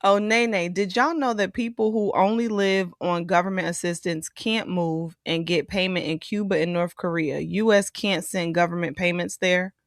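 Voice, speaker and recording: A woman's voice: lowish voice, fairly even intonation, normal speed, few pauses, dry recording, studio quality. A woman co-hosting a casual podcast, reading viewer comments aloud and chatting back about them. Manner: reads viewer super chats aloud and responds chattily. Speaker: co-host.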